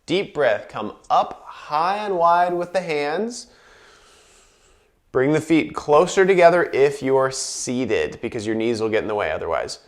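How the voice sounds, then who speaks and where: A man leading a guided breathing and movement class, calmly cueing each inhale and exhale, with chatty asides between cues. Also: a little high, measured pace. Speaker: movement instructor.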